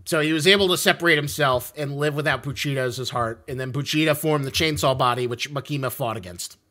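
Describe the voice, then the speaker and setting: A man's voice: mid-range voice, fast talker, pushed and bright. A man co-hosting a casual podcast chat, joking around and often restarting his sentences with small stammers. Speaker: podcast co-host.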